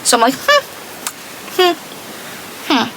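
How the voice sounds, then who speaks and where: A woman's voice: high voice, sing-song, slow, bright, forceful tone, a little hiss or hum, low-quality recording. A young woman chatting casually while doing her makeup, rambling through a story and quoting herself with lots of "I'm like.". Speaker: beauty vlogger.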